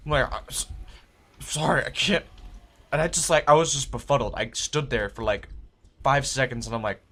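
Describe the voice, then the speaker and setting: A man's voice: fairly high pitch, normal speed, pauses often, a bit bright. A young man who works as a server, telling a work story in a casual, profane way and acting out the quoted voices.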